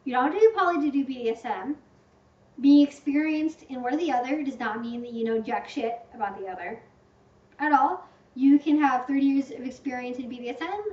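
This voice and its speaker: High-voiced chatty woman, echoey room. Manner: chatty, rambling, heavy use of "like", fond of hyperbole. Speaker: channel host answering viewer questions. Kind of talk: casual livestream Q&A. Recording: echoey room, distant muffled mic.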